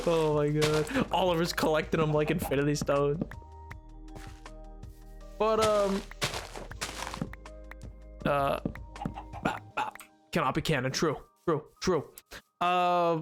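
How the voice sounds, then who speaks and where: A man live-streaming a game, chatting casually and playfully with his viewers, rambling and pleading in mock protest as he reacts to chat. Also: fairly high pitch. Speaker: livestreamer. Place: home streaming setup. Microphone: desk microphone.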